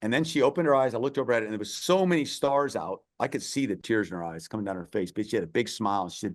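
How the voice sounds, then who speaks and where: A man's voice: on the low side, fast, few pauses. A middle-aged man, a podcast guest, telling a long story in an earnest, emphatic way. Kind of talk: storytelling interview.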